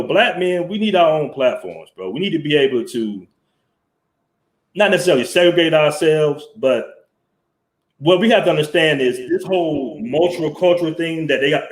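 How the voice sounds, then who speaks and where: Speaking at a normal pace with an animated, somewhat high voice, this Southern US host tells stories on a casual live stream. He's blunt, profane and chatty, using a headset mic with headphones, and the sound is roomy.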